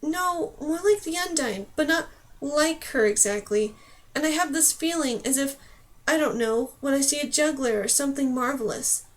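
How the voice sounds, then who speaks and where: Earnest anxious young woman as a woman reader puts her on, high voice, apologetic storybook heroine. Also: moderate pace, natural voice. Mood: worried. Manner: apologetic, then pleading shouts.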